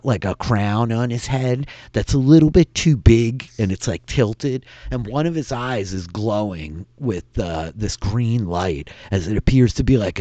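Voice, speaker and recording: A man's voice: medium pitch, a little mellow, no echo. A man narrating a tabletop game as game master, in a casual way full of filler words.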